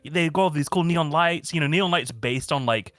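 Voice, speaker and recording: A man chatting casually as a stream guest, rambling with lots of fillers and telling stories in an animated way. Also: a little high, moderate pace, no room sound. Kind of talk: casual chat.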